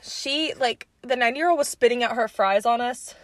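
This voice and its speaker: A woman's voice: a little high, normal speed, no echo. A young woman from Georgia, co-hosting a podcast and telling a story in a rambling, casual way full of "like.". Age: young adult. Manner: rambling, many "like"s, laughs mid-story. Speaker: podcast co-host.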